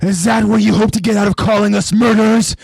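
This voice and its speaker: A man voicing a volatile, guilt-ridden young male soldier who shouts back in sarcastic defiance. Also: high-pitched, steady tone, fast, vocal fry, breathy edge, no room sound, clean studio sound, voice pushed up, exaggerated voice. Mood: defiant.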